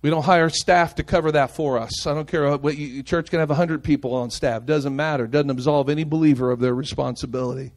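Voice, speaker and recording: A male pastor preaching a sermon with passion, moving between raised, urgent lines and quiet, hushed ones. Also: fairly high pitch, steady tone, brisk, few pauses. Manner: impassioned preaching, swinging between loud and hushed.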